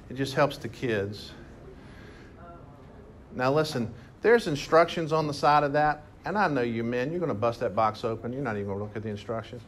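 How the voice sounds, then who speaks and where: A man preaching a sermon to a congregation, telling a story with animated emphasis. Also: medium pitch, brisk. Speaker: pastor. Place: church hall with congregation.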